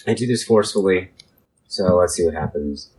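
Halting young man playing a tabletop game. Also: sits low, a little mellow, breathy edge, low-quality recording. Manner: halting, restarts while explaining. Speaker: player. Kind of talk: casual tabletop play.

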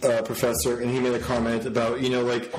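A man hosting a podcast, slightly hoarse, telling stories in casual chat and laughing easily. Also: mid-range voice, monotone, fast, a crowd in the background, rough recording. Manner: chatty, storytelling, laughs easily. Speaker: podcast host.

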